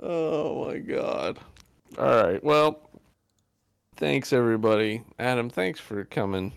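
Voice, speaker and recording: Gravelly-voiced man hosting a podcast. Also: medium pitch, lively intonation, takes it slowly, dry recording, studio quality. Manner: joking, laid-back. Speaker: podcast co-host. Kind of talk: casual podcast chat.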